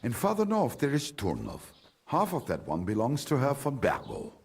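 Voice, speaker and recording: An actor playing a grumbling middle-aged village trader in a video game, with a German accent, wary of outsiders. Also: male voice, mid-range voice, wildly swooping pitch, normal speed, gravelly, a little mellow, slightly rough, heavily acted. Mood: gruff.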